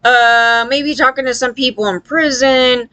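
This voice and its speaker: A woman's voice: high-pitched, fairly even intonation, unhurried, sharp tone. A woman giving a loose, profane opinion rant to her viewers, often tagging lines with "right?" and acting out quoted people. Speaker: vlogger.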